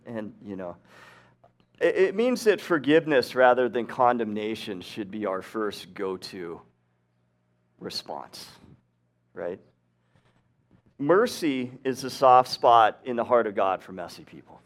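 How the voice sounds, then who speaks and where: A man's voice: mid-range voice, lively intonation, unhurried, long pauses. Man preaching a casual sermon. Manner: conversational, laughs often, checks in with "right?" and "okay?". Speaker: preacher and teacher. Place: hot upstairs room, live audience.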